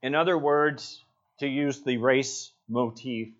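A male pastor preaching a sermon, stressing words hard, rising to loud passionate peaks and dropping to quiet low asides. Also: steady tone, slow, highs cut off. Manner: emphatic, builds to loud passionate peaks then drops low.

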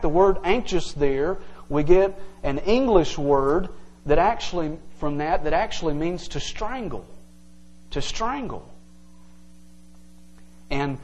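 A man's voice: high voice, a little mellow, low-quality recording. A male pastor preaching an earnest, emphatic evening sermon to his congregation, teaching verse by verse.

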